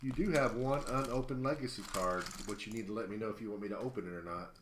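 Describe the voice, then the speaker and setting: A man hosting a live auction stream, rambling through prizes with lots of ums and uhs. He sounds a little out of breath, and his voice carries a clear echo from the room around him. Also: lowish voice, fast, background noise. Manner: rambling, lots of fillers while listing items. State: slightly out of breath. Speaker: host of an online auction stream. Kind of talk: casual live-stream chat.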